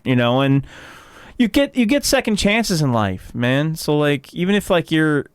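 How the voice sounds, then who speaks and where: A man's voice: mid-range voice, normal speed, smooth, no room sound. Dude comic telling wild stories, cusses a lot, voice shoots up when he quotes people, dry close mic. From Chicago. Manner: animated storyteller, swears freely, acts out quotes in a raised voice. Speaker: comedian guest. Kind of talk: casual storytelling chat.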